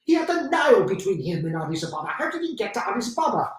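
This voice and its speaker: A man's voice: sits high, sing-song, rapid-fire. A brash, scheming British officer narrates his exploits with theatrical flair, as a man acts him out. It is a one-man stage monologue, picked up from far off in a space with heavy reverberation. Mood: exasperated. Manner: theatrical, with swings between exasperation and boastful narration. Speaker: solo stage performer.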